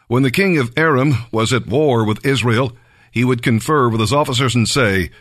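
A man reading scripture aloud in a slow, deliberate, measured way. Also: medium pitch, fairly bright tone, no echo, studio quality. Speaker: Bible reader.

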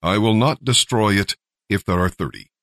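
A man voicing a calm, merciful male deity who speaks in steady, measured promises. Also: lowish voice, no room sound, studio quality.

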